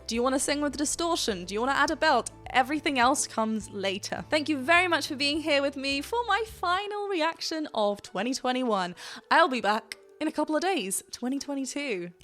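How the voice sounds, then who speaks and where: Woman vocal coach, higher voice, eager teacher giving a song reaction. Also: lively intonation, fairly quick, fairly bright tone, faint music behind. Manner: enthusiastic, explanatory, laughs often.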